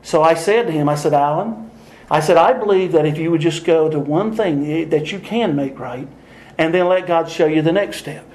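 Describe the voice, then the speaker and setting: A man's voice: a little high, moderate pace, roomy sound, poor audio. An older man preaching a sermon, telling stories with frequent laughter and acting out the people in them. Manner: animated, laughing often, acting out dialogue. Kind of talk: sermon with storytelling.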